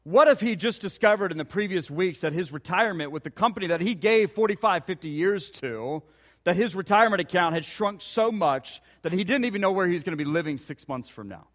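A man with a notably high voice delivers a sermon, telling stories and pressing earnest rhetorical questions on his listeners. His voice rings out with a long reverb, as in a big hall. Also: expressive, a little fast, fairly bright tone. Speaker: pastor.

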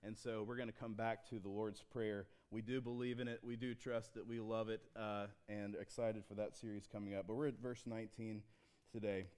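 A man preaching a sermon in a church, talking conversationally with restarts and slowing down when he reads scripture. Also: on the low side, little pitch movement, darkish tone, smooth. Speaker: pastor.

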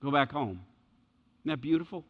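An earnest, emphatic man preaching a sermon with a fairly high voice, often stopping to check in with his listeners. The sound is dull and lo-fi, with a long reverb trailing behind his words. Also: expressive, normal speed, husky. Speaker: pastor.

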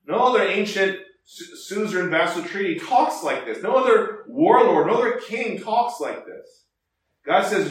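A man preaching a conversational Bible lesson, with a slightly high voice. He stumbles and restarts often, lifting his voice for quoted lines. The sound is heavy with echo, picked up from far across a large hall. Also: animated, a little slow. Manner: conversational, many restarts and fillers, rising emphasis on quotes. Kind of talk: expository Bible teaching.

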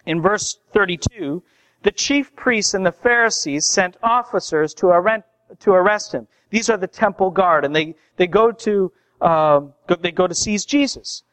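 A man preaching a sermon in a conversational way, getting louder and higher to stress key points. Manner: conversational preaching, rising loud for emphasis. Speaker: pastor.

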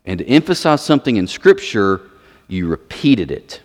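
A man's voice: fairly low pitch, very animated, moderate pace. A man preaching a sermon, emphatic, repeating words for stress. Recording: long reverb of a large hall.

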